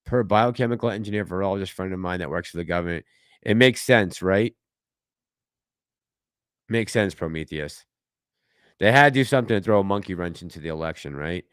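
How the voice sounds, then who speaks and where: A man with a somewhat low voice hosts a casual livestream. He reads viewer comments aloud and answers them in a chatty, offhand way. The sound is dry and close, with little room echo. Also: brisk, pauses often, smooth. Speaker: livestream host reading chat.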